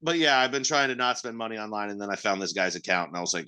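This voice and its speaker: A man's voice: fairly low pitch, steady tone, very fast, sharp tone, clear, resonant tone. A man co-hosting a podcast, chatting casually in a rambling, profane, self-mocking way. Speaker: podcast co-host.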